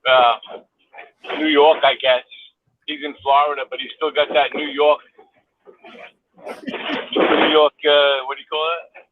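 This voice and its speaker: A man's voice: a little high, little pitch movement, a little slow, pauses often, a little hiss or hum. Man on a tinny phone line, chatty. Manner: chatty, laughs easily, talks while driving. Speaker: co-host on a livestream. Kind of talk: casual chat. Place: in a moving vehicle.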